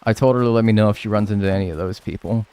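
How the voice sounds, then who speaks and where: A man's voice: on the low side, very fast, dark tone, clear, resonant tone. A young man with a Pittsburgh accent, chatting casually and telling rambling jokey stories while streaming a game. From Pittsburgh area, US. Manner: rambling, jokey storytelling with silly put-on voices.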